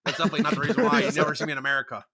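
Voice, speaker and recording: A man's voice: on the high side, expressive, racing, a loud crowd. A young man co-hosting a podcast, mocking and laughing along in casual chat. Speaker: podcast co-host.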